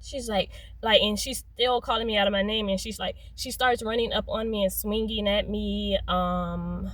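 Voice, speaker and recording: Young woman, casual storytime vlogger, rambling and halting, middle-pitched voice. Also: steady tone, fairly bright tone, no echo, low-quality recording. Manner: rambling, full of "like" and "um", self-censoring curses.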